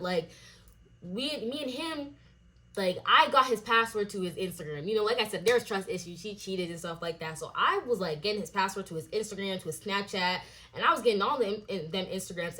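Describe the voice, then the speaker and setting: A young adult woman telling a personal story in a casual vlog, animated and full of fillers and swearing. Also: mid-range voice. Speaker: vlogger.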